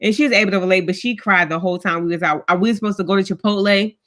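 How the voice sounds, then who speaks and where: Speaking rapid-fire in a mid-range, fairly bright voice, a woman live streams from home, chatting with viewers through stories and welcoming commenters by name.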